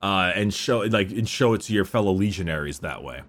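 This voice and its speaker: A man in casual podcast chat about game lore, animated and profane, sometimes reading quotes with dramatic delivery. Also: deep voice, brisk. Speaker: podcast co-host.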